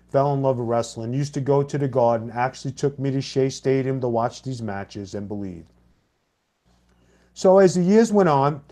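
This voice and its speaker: A man's voice: medium pitch, warm tone. Plain-spoken middle-aged man telling stories. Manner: plain-spoken, blunt, with mild cursing; acts out both sides of the dialogue in his own voice. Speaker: former pro wrestler and co-host. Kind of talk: casual anecdote telling.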